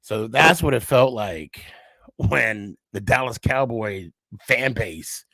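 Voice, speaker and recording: Animated man telling a rambling story. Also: medium pitch, slow, creaky, no room sound. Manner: rambling, profane, self-mocking sports fan. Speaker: podcast host. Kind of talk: casual storytelling.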